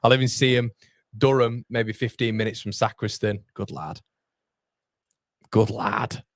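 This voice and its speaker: A man's voice: medium pitch, steady tone, moderate pace, no echo, studio quality. A young man hosting a live football watchalong, commenting on the match and reading viewer comments aloud with frequent laughs. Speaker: watchalong host.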